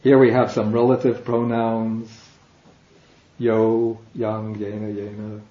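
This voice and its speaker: Slow, patient male language teacher. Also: fairly low pitch, completely flat delivery. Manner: patient, explains step by step. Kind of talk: classroom lecture. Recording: dull, echoey classroom recording.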